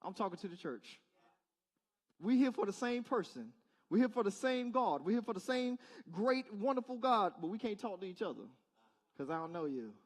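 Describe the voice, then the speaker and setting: A man's voice: high voice, sing-song, moderate pace. A male pastor giving a conversational sermon in church, asking the congregation rhetorical questions in a casual, direct way. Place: church service.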